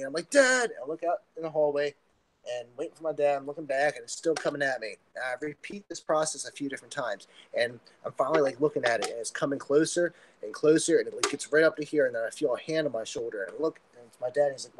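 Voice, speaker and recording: A man's voice: medium pitch, fast talker, slight background noise, low-quality recording. A man speaking as a podcast guest, telling a personal story in an earnest, rambling way with many fillers and restarts. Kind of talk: casual storytelling.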